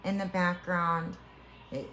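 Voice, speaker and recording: A woman's voice: lowish voice, flat delivery, bright, forceful tone, slight background noise. A woman, a tarot reader, giving an earnest, heartfelt spiritual reading to viewers, reassuring them and often restarting her sentences. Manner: halting with repeated restarts.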